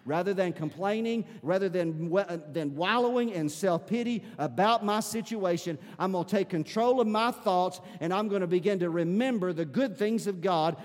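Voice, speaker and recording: Man preaching in church, pretty high voice, big echoey hall, gets loud and fervent in prayer. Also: moderate pace, hardly any pauses. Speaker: pastor. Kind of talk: sermon. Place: church sanctuary.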